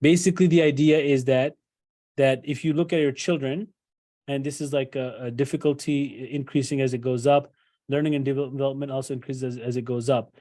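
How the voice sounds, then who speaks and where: Here a psychologist, a middle-aged man, lectures parents casually, speaking fairly quickly in a mid-range, dark voice with mostly even intonation. Filler words and frequent "right?" checks run through his talk, along with his impressions of what parents would say.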